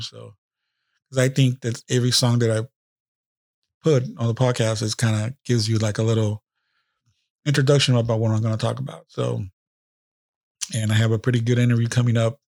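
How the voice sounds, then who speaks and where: A male podcast host speaks off the cuff, rambling and swearing raw emotion. His voice is gravelly and fairly flat in pitch. The close mic sounds dry, no room echo. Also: fairly quick, pauses often. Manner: emotional, profane, rambling with restarts. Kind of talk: casual unscripted podcast monologue.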